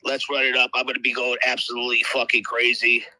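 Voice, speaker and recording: A man's voice: medium pitch, monotone, fast talker, sharp tone, no room sound, low-quality recording. A tired, half-asleep man who swears constantly and brashly hypes his crypto coin in a live audio chat. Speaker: crypto project promoter. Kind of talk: loud profane hype on a live audio room.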